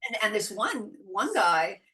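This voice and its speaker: A woman talking as a guest in a relaxed interview, expressive and quick to laugh. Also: medium pitch. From California. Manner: expressive, animated, laughs often. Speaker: podcast guest, intuitive guide. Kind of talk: casual interview chat.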